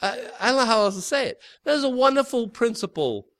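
A man's voice: very high voice, expressive, fast, fairly bright tone. A man preaching a sermon in an emphatic, conversational way, repeating his key points. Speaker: pastor.

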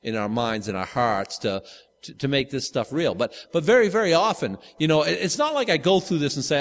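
Fifties male pastor, chatty rambling sermon delivery, mid-pitched, long hall reverb. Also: lively intonation, fairly quick. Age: 50s. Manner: casual, rambling, with frequent restarts and asides. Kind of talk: conversational sermon.

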